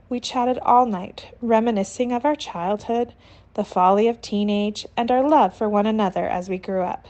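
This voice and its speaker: A woman narrating a novel in a steady, even audiobook reading. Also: mid-range voice.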